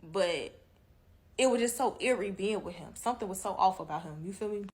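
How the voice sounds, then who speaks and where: Woman telling a creepy date story, animated, cussing a lot, chatty. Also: medium pitch, fairly quick. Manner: animated, profane, addresses listeners as y'all. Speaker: storyteller in a reaction clip. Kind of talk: casual storytelling.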